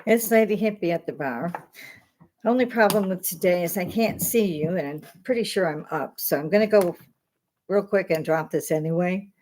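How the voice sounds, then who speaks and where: A woman's voice: fairly low pitch, moderate pace, a little mellow, slight background noise. Blunt, ranting woman streaming from home. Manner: blunt, swears, rants heatedly. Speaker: livestream host. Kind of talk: casual livestream monologue. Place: home bar. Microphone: webcam.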